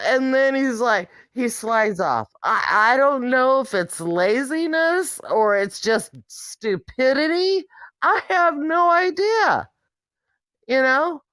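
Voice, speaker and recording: A woman's voice: high-pitched, expressive, takes it slowly, fairly bright tone, no room sound. A woman vlogger in a candid monologue, talking bluntly and profanely with an exasperated edge.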